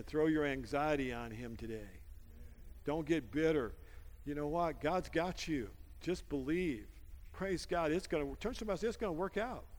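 A man preaching a sermon as pastor, exhorting his congregation with frequent amens and call-and-response. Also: mid-range voice. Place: church sanctuary during a service. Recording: long hall reverb with music behind.

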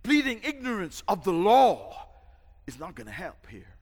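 A male pastor preaching a sermon, emphatic and dramatic, shouting at the peaks. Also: sits high, wildly swooping pitch, unhurried. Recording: long hall reverb.

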